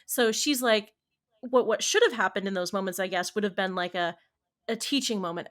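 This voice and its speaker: Bright-voiced woman chatting on a podcast. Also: mid-range voice, fairly quick. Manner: chatty, explains with many fillers and quoted asides. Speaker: podcast co-host. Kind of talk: casual podcast chat.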